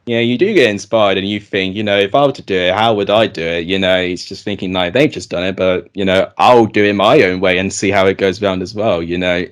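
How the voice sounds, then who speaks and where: Young man, somewhat low voice, chatty host, casual talk. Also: fairly even intonation, brisk, few pauses, smooth. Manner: chatty, lots of "you know" fillers. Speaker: host of a football channel chat. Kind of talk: casual chat.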